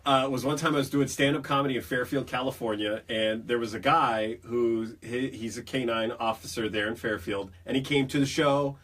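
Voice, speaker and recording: A man hosts a casual podcast, spinning jokey stories with plenty of energy. His voice is husky. It sounds a bit distant from the microphone. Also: medium pitch, normal speed, few pauses. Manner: animated storyteller, jokey. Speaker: podcast host. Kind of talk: casual chat.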